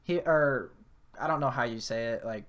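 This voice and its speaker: A woman's voice: a bass voice, moderate pace. A young woman hosting a podcast, telling a casual story full of fillers and restarts. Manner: rambling with many fillers and restarts; grows animated and loud at the climax. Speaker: podcast host.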